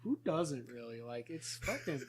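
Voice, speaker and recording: A man's voice: medium pitch, big pitch swings, a little slow. A young man co-hosting a podcast, rambling in casual chat, swearing a lot and laughing often. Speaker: podcast co-host.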